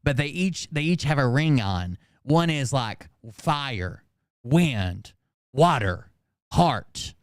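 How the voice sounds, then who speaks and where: A man hosting a commentary show, making sarcastic, crude, deadpan jokes about a clip. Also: mid-range voice, slow, clean tone, no room sound, clean studio sound. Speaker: commentary host. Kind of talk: mocking commentary.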